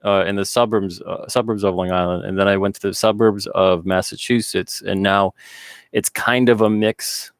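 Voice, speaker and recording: A man's voice: deep voice, fairly even intonation, normal speed, clean tone, no echo, studio quality. A man from New York, a guest in a casual interview, talking in a hesitant, thoughtful way and laughing often. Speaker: guest comic artist.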